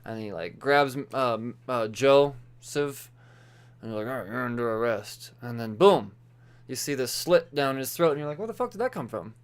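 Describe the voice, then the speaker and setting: A young man talks through a casual solo podcast with a smooth, clear voice that sits at an ordinary middle pitch. He rambles loosely and swears freely, slipping into offhand voices for the characters. He sounds a little loosened up by beer. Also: moderate pace. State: tipsy from beer. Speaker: podcast host reviewing comics.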